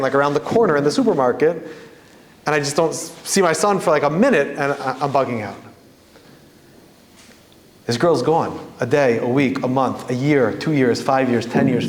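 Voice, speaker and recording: A rabbi tells a parable in an animated, emphatic way, repeating phrases for weight. His fairly high male voice carries a long, roomy echo, with faint ambience behind it. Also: slight background noise. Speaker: rabbi teaching a class. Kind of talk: storytelling Torah lesson. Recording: echoey hall with faint ambience.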